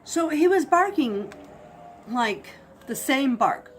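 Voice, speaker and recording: Animated woman telling a ghost story. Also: high voice, slow pace, a little hiss or hum. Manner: animated, acts out barks and shouts. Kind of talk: casual spoken ghost story.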